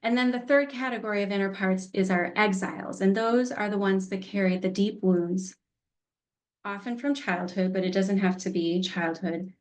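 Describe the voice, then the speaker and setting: A woman's voice: mid-range voice, normal speed. Woman, middle-aged, workshop teacher; casual, candid, light laughs. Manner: chatty, candid, laughs easily. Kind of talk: teaching an online class.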